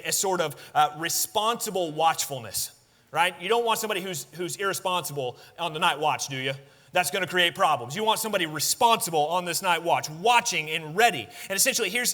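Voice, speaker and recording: A man's voice: on the high side, pushed and bright, big-room sound. A man preaching a sermon, talking conversationally, asking the congregation questions and building to emphatic peaks. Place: church sanctuary.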